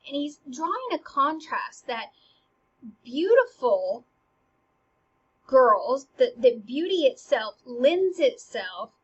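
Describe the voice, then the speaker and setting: A high-voiced woman with a husky edge teaches a classic scene in a chatty, animated way. She reads the lines dramatically and slips into hushed asides. The recording sounds dull and lo-fi. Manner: animated, slips into quoted lines and asides, drops to near-whispers. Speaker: teacher explaining Shakespeare. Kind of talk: casual lecture with dramatic readings.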